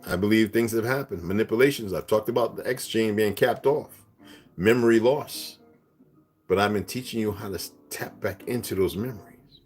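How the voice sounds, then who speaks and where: A man's voice: mid-range voice, slightly rough. A man hosting a casual livestream, rambling and profane, laughing often as he talks. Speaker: livestream host.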